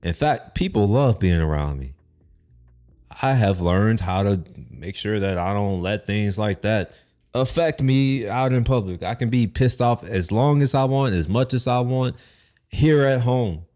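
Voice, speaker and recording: A man's voice: lowish voice, measured pace, warm tone. A man from Texas, giving blunt, profane, rambling reaction commentary on clips.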